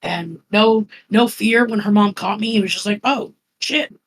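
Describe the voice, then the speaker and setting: A woman from Florida, a podcast guest, telling a story in a calm, even way with many fillers. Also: medium pitch, moderate pace, husky, low-quality recording. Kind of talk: casual storytelling.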